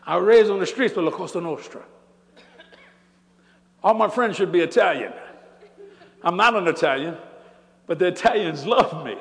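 A man's voice: high voice, lively intonation, moderate pace, vocal fry, pauses often. An older man preaching a sermon, telling stories animatedly and laughing along as he goes. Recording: church hall reverb.

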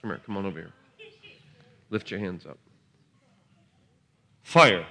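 A man preaching at a revival service in a church, laughing and shouting bursts, gentle with the children he blesses. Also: deep voice, brisk, vocal fry. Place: church sanctuary.

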